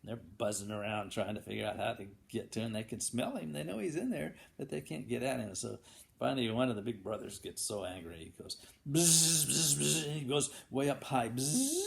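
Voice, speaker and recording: A man's voice: mid-range voice, a little fast, gravelly. A man telling a folksy tall tale, acting out buzzing and banging sound effects, with frequent restarts. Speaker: storyteller.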